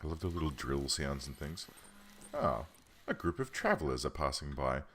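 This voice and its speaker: A man's voice: rumbling low, big pitch swings, normal speed, fairly bright tone, a little hiss or hum. A man hosting a let's play, chatting casually and thinking aloud as he plays, often correcting himself mid-sentence. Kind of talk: casual game commentary. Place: home room.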